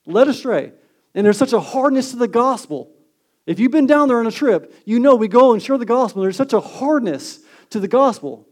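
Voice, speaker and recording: A male pastor delivering a sermon in a high, light voice. He talks earnestly, stressing his key points with force and then sinking to a soft, hushed delivery. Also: animated, a little fast. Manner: earnest preaching, swings from emphatic to hushed.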